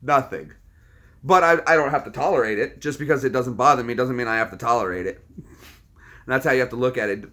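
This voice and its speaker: A man hosting a casual live stream, his voice sitting at an ordinary middle pitch. He talks in a calm, lecturing way and brushes off trolls with easy dismissal. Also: quick pace. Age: adult, military background. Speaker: livestream host.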